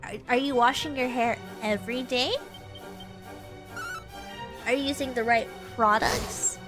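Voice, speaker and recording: With music playing behind her, a VTuber from Texas talks casually on stream in a slightly high, steady voice at a measured pace. Her nose is a little stuffy, and she laughs frequently, replies to chat and keeps restarting her sentences.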